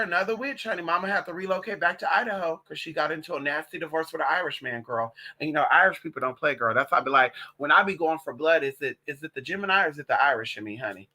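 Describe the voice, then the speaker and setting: Trans woman vlogger, very animated pitch, sassy and foul-mouthed, chatty storyteller. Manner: sassy, profane, calls listeners honey and girl. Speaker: vlogger and witch. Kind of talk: casual vlog monologue.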